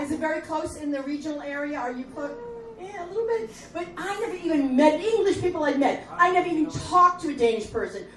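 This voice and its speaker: Brash high-voiced woman doing stand-up. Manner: brash, loud and profane, banters with the crowd. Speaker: stand-up comedian. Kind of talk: stand-up comedy set. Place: small comedy club. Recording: echoey live club from a distant mic with crowd.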